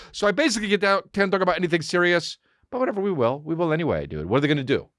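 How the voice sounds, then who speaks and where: A man hosting a podcast, riffing through a loose, profane comedic monologue. His voice sits a bit high for a man, and the sound is dry and close with no room around it. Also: rapid-fire, no room sound. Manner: rambling, profane, animated storytelling. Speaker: podcast host.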